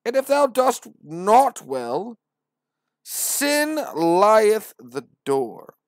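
A solemn male deity booms down from on high, as a man puts on the voice, his pitch lifted well above the speaker's own and every archaic word stretched out slowly. The delivery is loud and grand, and the sound is close and dry. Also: very animated, no room sound, exaggerated voice. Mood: grandiose. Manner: slow, drawn-out, archaic pronouncements.

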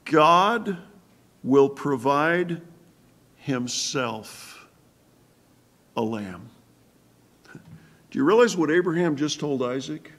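A man pastor giving a sermon-style Bible study in a church, halting with fillers and asking the congregation questions. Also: mid-range voice, expressive, a bit bright. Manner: halting, many fillers and restarts.

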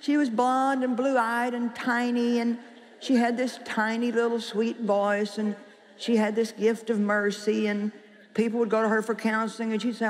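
A woman's voice: a little high, flat delivery, moderate pace. A woman preaching a sermon to a live congregation, emphatic and joking, often quizzing her listeners. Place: large hall with an audience. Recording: long hall reverb with faint crowd.

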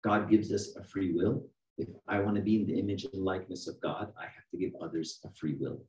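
A man's voice: sits low, a little fast, a little mellow. A middle-aged man preaching a conversational sermon as archdeacon, often checking in with the congregation. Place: church. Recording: echoey room, mic from a distance.

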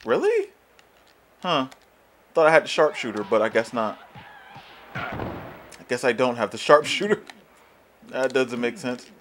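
A man's voice: mid-range voice, unhurried, long pauses, a bit bright, a little hiss or hum. A young man giving profane, frustrated let's-play commentary on a wrestling video game, ranting and swearing as he plays. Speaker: gaming YouTuber.

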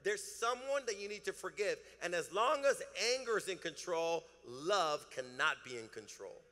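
A man's voice: a little high, pushed and bright. A male pastor preaching a sermon with emphatic delivery, leading the congregation in call-and-response in a church sanctuary. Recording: long church hall reverb.

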